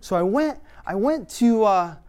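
A young man telling his own life story quickly and earnestly, with now and then a self-aware laugh. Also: sits high, expressive, a little mellow. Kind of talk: personal storytelling talk.

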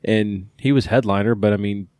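A man's voice: on the low side, steady tone, normal speed, darkish tone, no room sound, studio quality. A man co-hosting a casual music podcast, talking in a laid-back, rambling way. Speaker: podcast co-host. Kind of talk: casual chat.

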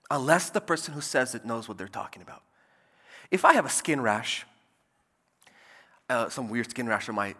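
A male pastor preaching a sermon in a church, lively and joking, swinging from loud emphasis to quiet asides. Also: medium pitch, in a large hall.

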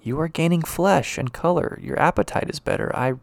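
A man's voice: fairly high pitch, expressive, fairly quick, gravelly, dry recording, voice pushed up. A man reading the lines of a condescending husband who is a doctor, soothing but dismissive and talking down to his wife. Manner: soothing yet dismissive, talks down.

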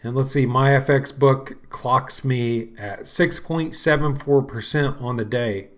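A man, middle-aged, hosting a podcast and talking casually in a rambling, unhurried way with lots of fillers. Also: mid-range voice. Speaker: podcast host. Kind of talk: casual solo talk.

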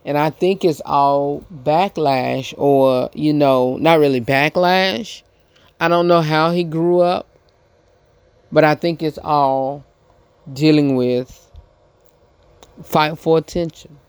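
A man hosting a podcast, giving a casual commentary monologue, halting and repeating himself with many fillers. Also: on the high side, clean tone, no echo. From United States. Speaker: podcast host.

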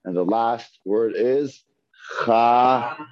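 A man's voice: lowish voice, lively intonation, normal speed, lo-fi sound, a crowd in the background. A man teaching a Hebrew reading class, patiently sounding out words one syllable at a time and asking learners to repeat. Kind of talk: slow syllable-by-syllable reading lesson.

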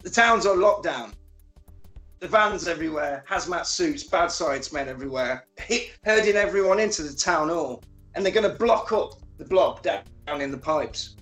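A man casually recapping a film as a podcast co-host, animated and sweary, acting out characters' lines. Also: on the high side, moderate pace, roomy sound, soft background music.

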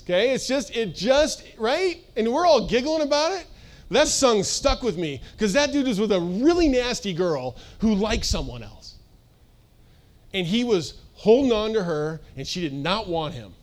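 Lively high-voiced man preaching casually. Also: measured pace. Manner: energetic, conversational, sings snippets and jokes with the audience. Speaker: pastor. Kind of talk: sermon.

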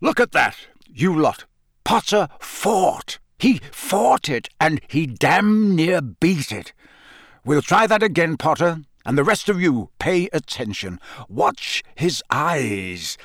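A man voicing a gruff, paranoid old male wizard teacher who growls out slow, loud commands. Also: a little high, sing-song, no echo, studio quality, pitched above the performer's own voice, exaggerated voice. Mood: gruff praise.

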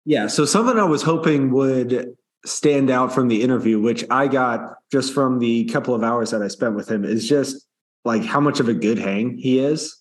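A man's voice: medium pitch, normal speed. A man co-hosting a podcast in casual chat, speaking thoughtfully and rambling with frequent restarts. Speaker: podcast co-host.

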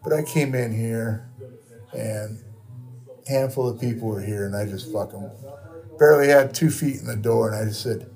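A tattoo shop owner with a Californian accent, telling stories in casual chat, swearing freely and acting out other people's lines. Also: male voice, medium pitch, moderate pace, vocal fry, darkish tone. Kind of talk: casual storytelling.

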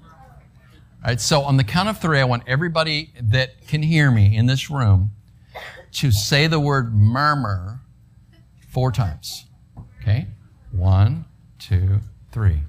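A man's voice: mid-range voice, slow pace, pauses often. A man preaching a conversational sermon in a church, asking the congregation rhetorical questions. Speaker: pastor. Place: church sanctuary.

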